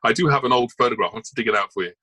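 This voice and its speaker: Here the same actor and voice artist, a man, talks as an interview guest, wandering through his news in a loose, aside-filled chat. He speaks at a racing clip in a mid-range voice that sounds pushed and bright, over slight background noise on a rough recording.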